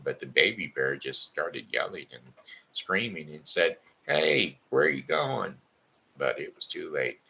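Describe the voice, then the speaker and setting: A man hosting a live show, stuffy from sinus trouble, reading a story and scripture aloud in a slow, halting way. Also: rumbling low, creaky, pushed and bright, a little hiss or hum, poor audio. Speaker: host of a live blog show.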